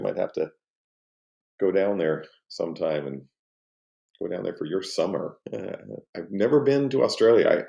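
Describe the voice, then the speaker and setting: A man's voice: low-pitched, gravelly, a little mellow, roomy sound. A man hosting a livestream, rambling in casual chat with many restarts and greeting viewers by name. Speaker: livestream host.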